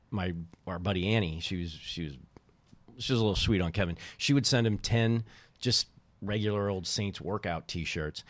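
A man's voice: on the low side, moderate pace, no room sound. A middle-aged man, a former baseball team co-owner, telling rambling stories in casual chat and often breaking off his own sentences. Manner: rambling, self-interrupting storyteller.

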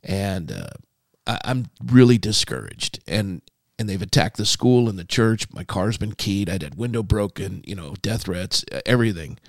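A man's voice: on the low side, animated, normal speed, vocal fry, few pauses, no room sound, clean studio sound. A man, a pastor, telling a long personal story on a podcast and acting out a commanding old man's lines. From California.

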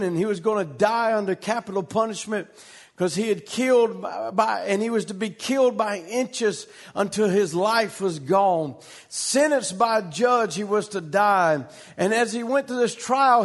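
A man preaching a sermon, telling a story with a rhythmic cadence and repeated, restarted phrases. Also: high-pitched.

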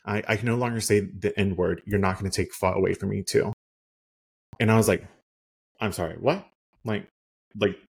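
A man with a very low, husky voice tells a story in casual podcast style. He rambles, filling his talk with "like" and "um". He sounds heated and indignant. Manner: rambling, many "like" and "um" fillers. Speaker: realtor.

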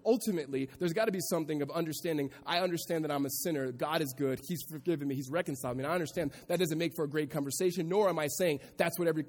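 Emphatic preacher in a reverberant hall. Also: male voice, a little high. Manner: builds from quiet reflection to loud, emphatic preaching. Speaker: pastor. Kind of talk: sermon. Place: church hall with congregation.

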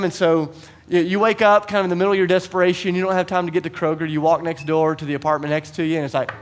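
A man in his thirties preaching a sermon, telling stories and acting out voices in a conversational, animated way. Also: high voice, very fast. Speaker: pastor. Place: church.

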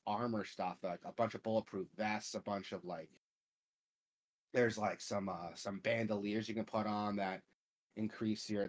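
A young man hosting a casual gaming podcast, rambling with lots of fillers and swearing. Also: lowish voice. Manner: rambling, profane, filler-heavy. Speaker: podcast host.

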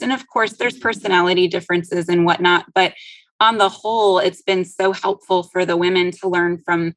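A woman hosts an interview in a gentle, compassionate tone. Her voice sits low for a woman and stays very even, with little rise and fall. The sound is dry and close. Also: normal speed, no room sound, low-quality recording. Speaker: interview host, grief support group leader. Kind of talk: interview questions.

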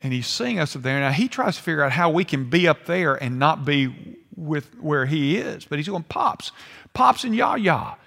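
An older man preaching a sermon, swinging between hushed and emphatic delivery. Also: a little high, lively intonation, moderate pace, creaky, hardly any pauses. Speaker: pastor. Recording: long hall reverb.

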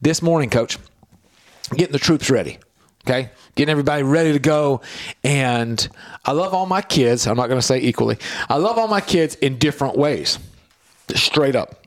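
A middle-aged man co-hosting a radio show, telling a lively family story on air and acting out scenes in the talk. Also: medium pitch, moderate pace. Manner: lively, acts out family scenes with swooping voices.

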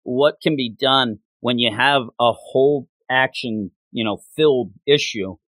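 A man's voice: medium pitch, unhurried, dry recording. A man in casual chat, reviewing a comic issue and acting out scenes as he retells them. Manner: animated, retells scenes with acted quotes; frequent fillers and restarts.

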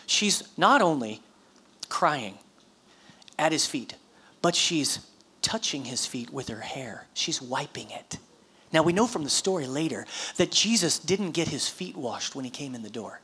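A woman preaching a sermon, telling a scripture story in a lively, animated way with questions to the congregation. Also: low-pitched, measured pace, breathy edge. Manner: animated storytelling with audience prompts and laughter.

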